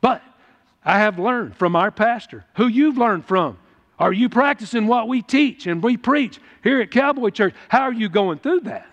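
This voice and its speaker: A man's voice: high voice, lively intonation, moderate pace, fairly bright tone, lo-fi sound. A man preaching a folksy, emphatic sermon to his congregation at church. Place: church hall. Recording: long hall reverb.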